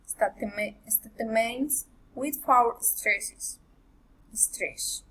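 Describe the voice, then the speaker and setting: A woman reading English pronunciation drills aloud, careful and halting, with repeats and self-corrections. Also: a little high, rough recording. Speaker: pronunciation practice reader.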